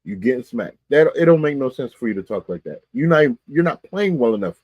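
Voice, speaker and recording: Husky, emphatic man co-host. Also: medium pitch, sing-song, fairly quick, darkish tone, no room sound, lo-fi sound. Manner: emphatic, colloquial, repeats phrases for effect. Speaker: sports talk co-host. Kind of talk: live-streamed sports talk.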